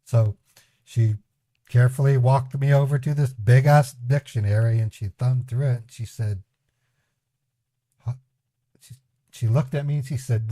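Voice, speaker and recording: Male streamer, casual storyteller who chuckles through anecdotes; mellow timbre, dry close mic. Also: medium pitch, steady tone, normal speed, pauses often, no room sound. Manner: rambling, chuckling anecdotes with voiced quotes. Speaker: scambaiting livestream host. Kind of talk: casual storytelling to a live chat.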